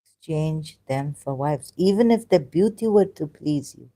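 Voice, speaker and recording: Woman, low voice, mellow tone, halting and emotional. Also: lively intonation. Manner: emotional, searching aloud, halting with fillers. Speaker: ex-Muslim commentator. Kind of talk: casual commentary reading scripture.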